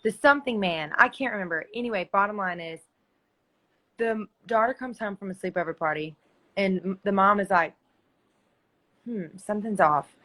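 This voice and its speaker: A woman's voice: mid-range voice, brisk, a bit bright. A woman hosting a casual live stream chat, enthusiastic and rambling. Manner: enthusiastic, rambling, searches for words.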